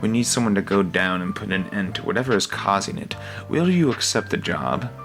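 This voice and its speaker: A man's voice: low voice, animated, fairly quick, fairly bright tone, soft background music. A man voicing a polite, nervous male butler, speaking formally in a tabletop game. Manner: formal, courteous.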